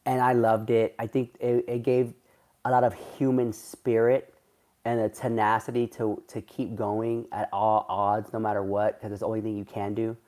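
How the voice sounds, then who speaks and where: A man's voice: on the low side, level tone, moderate pace, darkish tone. A man chatting casually on a livestream, rambling in a gossipy way and answering viewers' comments. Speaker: livestreamer reading chat.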